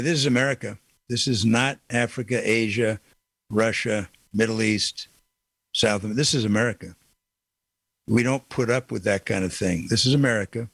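A man's voice: medium pitch, fairly bright tone, no room sound. A man hosting a call-in radio talk show, speaking emphatically and repeating his key phrases for weight.

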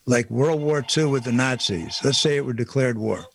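A man's voice: medium pitch, a little fast, creaky, few pauses. A man delivering an indignant political opinion monologue, pressing his points with repeated rhetorical questions. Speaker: political commentator.

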